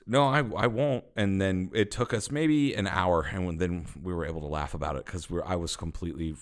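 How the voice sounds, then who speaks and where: A middle-aged man and podcast co-host telling a story in casual chat, animated, swearing and laughing as he goes. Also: low voice, brisk.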